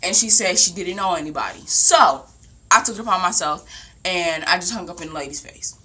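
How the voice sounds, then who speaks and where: A young woman casually telling a long story at home, rambling and animated, with lots of "like". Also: fairly low pitch, brisk, slightly rough. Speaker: vlogger. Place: home, indoors.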